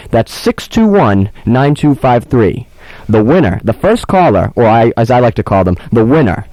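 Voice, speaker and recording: A radio host with a fairly low, warm voice runs a comedic show from a windowless studio, using a studio microphone with headphones. He rambles melodramatically and trips over his words; the recording is rough, with no room sound.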